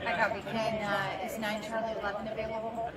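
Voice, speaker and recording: A female police officer speaking outdoors in a brisk, procedural way, recorded on a body camera. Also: a little high, level tone. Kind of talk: unscripted on-scene talk. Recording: loud crowd and ambient noise.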